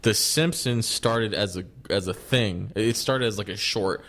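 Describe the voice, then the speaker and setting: A man's voice: lowish voice, a little slow, fairly bright tone. A man co-hosting a podcast in casual chat, rambling and profane, often laughing and restarting his sentences. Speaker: podcast co-host.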